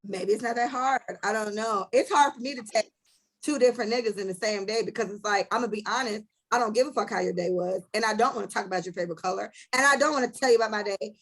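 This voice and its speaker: A woman hosting a casual podcast chat, telling stories in a blunt, animated way with lots of profanity. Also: mid-range voice, quick pace. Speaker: podcast host.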